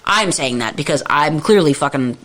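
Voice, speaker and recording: A woman's voice: low-pitched, animated, moderate pace, fairly bright tone. Profane, exasperated woman ranting. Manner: acts out her own past lines. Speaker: podcast co-host. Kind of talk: casual chat storytelling.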